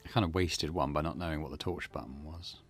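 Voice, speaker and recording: A man hosting a let's play, reading in-game notes aloud and muttering relaxed asides as he explores. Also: very deep voice, fast. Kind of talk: gameplay commentary.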